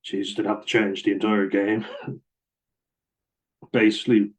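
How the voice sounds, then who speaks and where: A low-pitched man chats bluntly about the game with the ease of someone who has played it. His delivery stays fairly level and even, with little rise and fall. He drops in the odd swear word and a quick laugh, the way he would talking with mates. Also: low-quality recording. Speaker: host and rugby player. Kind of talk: casual commentary on rugby rules.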